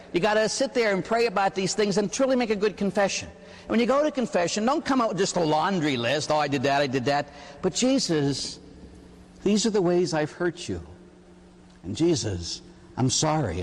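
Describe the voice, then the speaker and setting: A middle-aged priest from the Pittsburgh area giving a homily on confession, telling stories and acting out penitents with a rhetorical "huh?". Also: male voice, on the high side, normal speed, long reverb tail. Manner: animated storytelling, acts out penitents and God with rhetorical "huh?".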